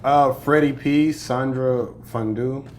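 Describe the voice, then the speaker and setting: A man's voice: medium pitch, steady tone, takes it slowly, darkish tone, slight background noise. A young American man, a comedian, chatting casually in an interview, boastful and joking, laughing often. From United States. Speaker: comedian guest.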